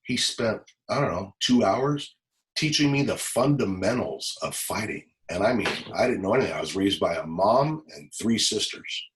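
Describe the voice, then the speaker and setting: A man from Los Angeles, a former police officer, telling an emotional personal story in an interview, halting and repeating words as he goes. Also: on the low side, expressive, a little hiss or hum, rough recording.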